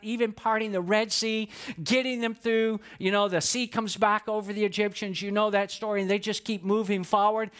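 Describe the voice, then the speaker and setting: A man's voice: high voice, fairly bright tone. A man, a pastor, preaching a sermon in a loose conversational way, asking the listeners questions and acting out quotes.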